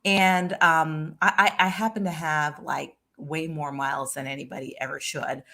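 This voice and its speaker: A woman guest telling a personal story in a conversation, lively and full of restarts. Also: low voice, normal speed, vocal fry. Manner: animated anecdote with frequent restarts.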